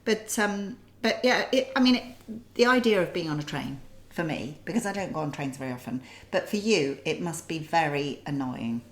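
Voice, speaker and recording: A woman's voice: sits low, animated, moderate pace, hardly any pauses. A woman co-hosting a casual podcast chat and asking curious questions. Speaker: podcast co-host. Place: kitchen. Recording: echoey kitchen room.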